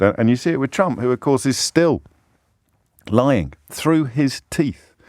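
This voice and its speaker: A man's voice: on the low side, a little mellow, dry recording, studio quality. A man hosting a radio show, delivering an impassioned, scornful monologue with emphatic rhetorical repetition. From Britain. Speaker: radio phone-in host.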